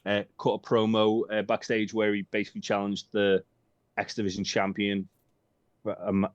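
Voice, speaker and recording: A man's voice: on the low side, monotone, moderate pace, no room sound. A man co-hosting a casual podcast, rambling and joking with lots of swearing and filler ums. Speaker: podcast co-host. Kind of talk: casual chat. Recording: dull dry lo-fi sound.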